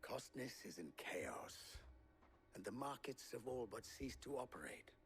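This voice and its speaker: Brief: a grave game merchant, steady, mid-range voice, quietly measured. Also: male voice, mid-range voice. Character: composed middle-aged male merchant in a dark age. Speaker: game character.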